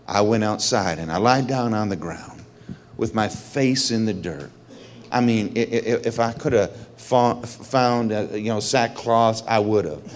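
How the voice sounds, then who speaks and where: Man, middle-aged, storytelling testimony, animated, swings high and low. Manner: animated storyteller, voice rises high when excited, drops low and quiet when solemn. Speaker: speaker sharing a personal testimony.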